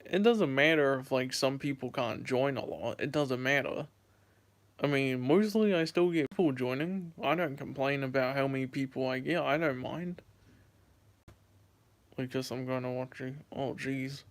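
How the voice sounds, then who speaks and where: A man's voice: medium pitch, moderate pace. A young man in his late teens from the United States, chatting casually on a phone livestream, rambling and repeating himself as he answers chat. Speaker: YouTuber livestreaming. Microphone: handheld phone.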